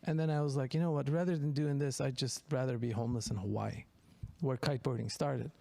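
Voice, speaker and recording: Male comedian, gravelly, rambling self-deprecating storyteller, dry sound. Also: medium pitch, fairly even intonation, quick pace, dark tone, dry recording. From Turkey. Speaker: comedian guest. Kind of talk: casual podcast chat.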